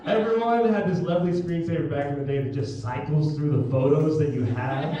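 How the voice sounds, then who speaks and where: A man's voice: on the high side, expressive, unhurried, a crowd in the background. A young man doing a crude, self-mocking stand-up set on a small theatre stage, filmed from the audience on a phone. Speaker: stand-up comedian. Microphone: phone camera in the audience. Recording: echoey theatre filmed from far off. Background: audience laughter.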